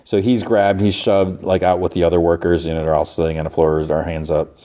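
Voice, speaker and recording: A man hosting a podcast rambles through a casual recap of a TV episode, filling his talk with "like" and "you know." His voice sits low and mellow, with a flat delivery and a fairly quick pace.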